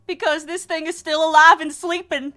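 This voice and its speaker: A man's voice: very high-pitched, flat delivery, normal speed, pushed and bright, voice pushed up. A man reading aloud and voicing a blunt, folksy young farm pony girl.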